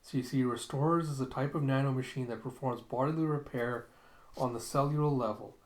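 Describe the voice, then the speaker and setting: A man's voice: mid-range voice, steady tone, brisk, reverberant. A man casually narrating a comic recap as host, chatty and laughing often. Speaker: comic read-along host.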